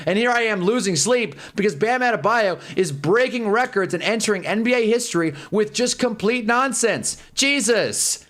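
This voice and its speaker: Ranting male sports streamer, fairly high voice. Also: animated, moderate pace, a bit bright. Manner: heated ranting, swears freely. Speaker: streamer host. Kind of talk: livestream sports talk.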